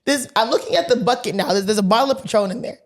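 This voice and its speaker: Woman, podcast co-host, higher voice, animated storyteller who acts out dialogue and swears casually. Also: rapid-fire. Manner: animated, swears freely, laughs mid-sentence.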